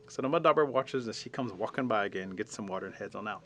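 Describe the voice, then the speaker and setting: A middle-aged man telling a traditional folk tale in a folksy, colloquial, lively way. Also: mid-range voice, quick pace, few pauses. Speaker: storyteller.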